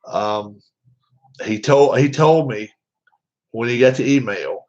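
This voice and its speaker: A man talks casually to his viewers at a middling pitch, rambling and restarting his sentences. The recording sounds dull and lo-fi. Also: takes it slowly, pauses often, a little mellow. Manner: rambling, with many fillers and restarts. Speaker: vlogger.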